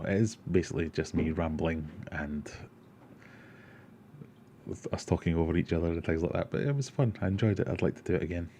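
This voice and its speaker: Low and dark-toned, this man's voice carries a casual aquarium livestream. He rambles, cracks jokes, and reads viewer comments aloud.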